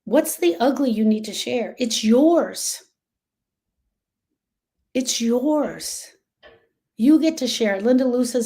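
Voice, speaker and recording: A woman's voice: a little high, lively intonation, slow, pauses often, mellow, husky. A woman hosting a live stream on grief, speaking earnestly and directly to viewers and repeating her key phrases for emphasis. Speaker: grief support host.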